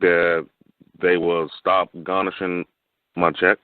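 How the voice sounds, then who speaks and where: A man calling in to a radio show, asking a slow, hesitant question. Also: low-pitched, level tone, clear, resonant tone, dry recording. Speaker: caller. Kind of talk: call-in question. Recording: phone line, distant from mic.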